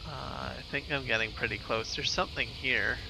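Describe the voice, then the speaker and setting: A man's voice: mid-range voice, fairly even intonation, moderate pace, creaky, noisy background. A man streaming a game live, chatting with viewers in a laid-back, rambling way while he plays. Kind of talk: casual live gameplay commentary.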